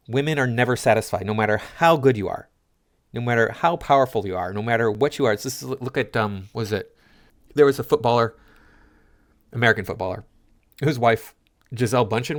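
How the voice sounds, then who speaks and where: Scornful man reacting to posts. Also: medium pitch. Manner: scornful, lecturing. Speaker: commentary channel host. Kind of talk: reading and reacting to social media posts.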